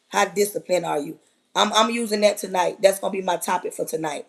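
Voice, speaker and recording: A woman giving a fervent, preachy motivational talk on a live stream, hammering repeated phrases and often yelling. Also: mid-range voice, expressive, brisk, gravelly.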